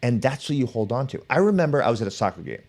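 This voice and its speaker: A man's voice: medium pitch, very fast. A middle-aged man, an author and professor, telling stories in conversation and acting out the people in them. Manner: animated, acts out quoted people in his stories. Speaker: author and professor, podcast guest. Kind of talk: storytelling in conversation.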